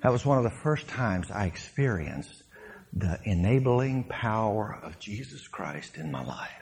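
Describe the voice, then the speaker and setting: Animated former football player preaching. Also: male voice, fairly low pitch, a little slow, a little hiss or hum. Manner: storytelling, animated, laughs, shouts punchlines. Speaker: guest speaker, former pro football player. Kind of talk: testimony sermon to a congregation.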